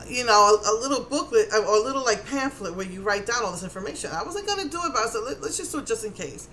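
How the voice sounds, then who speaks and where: Bright-voiced Puerto Rican New Yorker woman. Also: medium pitch, slight background noise. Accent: New York Puerto Rican. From New York. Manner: animated, exasperated, acts out quotes. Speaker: vlogger. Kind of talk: casual storytelling.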